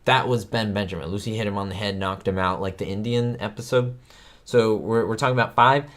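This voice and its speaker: A man hosting a trivia livestream, chatting casually and excitably with his viewers, rambling from one fact to the next. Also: fairly low pitch, a little fast.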